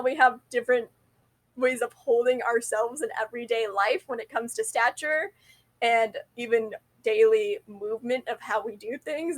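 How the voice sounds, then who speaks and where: A young adult woman telling a rambling, self-deprecating story to camera, often correcting herself mid-sentence. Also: sits high. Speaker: vlogger.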